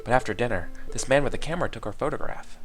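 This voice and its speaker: A man's voice: mid-range voice, animated, very fast, faint music behind, lightly acted. A man voicing a naive young noblewoman cat in a game, chatty and childlike.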